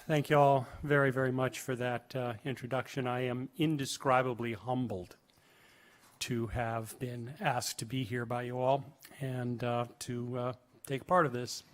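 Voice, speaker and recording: An older man delivers a conference keynote in a university lecture room. He speaks emphatically and keeps checking in with the crowd with a quick "okay?". His voice sits at an ordinary middle pitch. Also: fairly even intonation. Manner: emphatic, repeatedly tags lines with "okay?".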